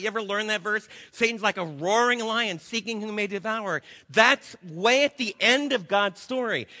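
Pastor, male, high bright voice, emphatic sermon delivery, long hall reverb. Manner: emphatic preaching with rhetorical questions and repetition.

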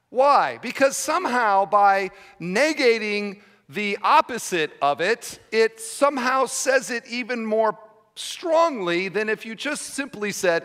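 A male pastor delivers a sermon in a conversational teaching style, often pausing to ask "okay?". His fairly high voice swings widely in pitch. The sound rings with the long reverb of a church hall. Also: sing-song, fairly bright tone. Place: church sanctuary.

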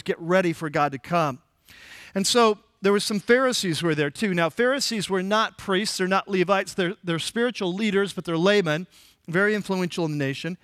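A man's voice: high-pitched, a bit bright, no room sound, clean studio sound. A man preaching an expository sermon, retelling scripture in a conversational, everyday way. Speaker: pastor.

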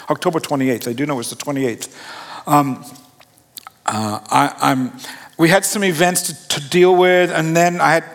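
Pastor telling a story in a hall. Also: male voice, a little high. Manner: conversational, self-deprecating, animated retelling. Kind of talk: sermon storytelling. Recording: long hall reverb.

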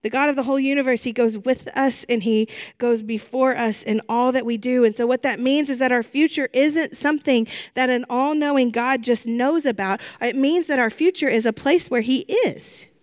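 Woman, middle-aged, pastor, sermon, earnest, repeats phrases, fairly high voice. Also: moderate pace, few pauses.

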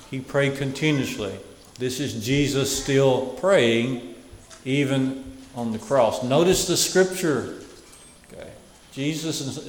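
A man preaching a sermon who repeats key phrases and lets them fall to a hush. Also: medium pitch, reverberant, long reverb tail, slight background noise, rough recording.

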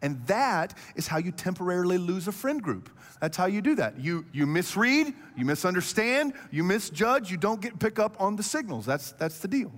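A man in his thirties preaching a sermon, telling stories with animated energy and speeding up when he gets excited. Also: high voice, moderate pace, hardly any pauses, in a large hall. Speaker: pastor.

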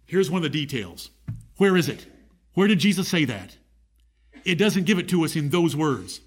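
A man's voice: a little high, sing-song, moderate pace, slightly rough. A man preaching a sermon, reading scripture aloud and asking his listeners direct questions.

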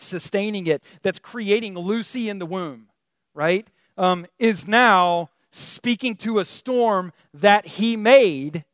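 Male preacher, high-pitched, animated conversational storytelling, dry close mic. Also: no echo. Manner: conversational, animated storytelling with many fillers and restarts. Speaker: pastor. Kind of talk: sermon.

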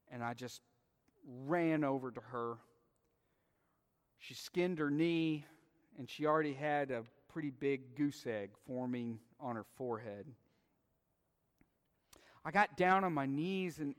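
A man's voice: a little high, smooth. A man in his thirties preaching a sermon, telling a family story in an earnest, heartfelt way and closing in prayer. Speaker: pastor. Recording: long reverb of a large hall.

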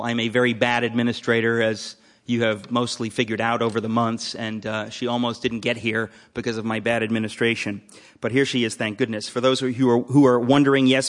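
A man hosting a live event, introducing the evening's speaker with dry, deadpan jokes and asides. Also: medium pitch. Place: hall with a live audience.

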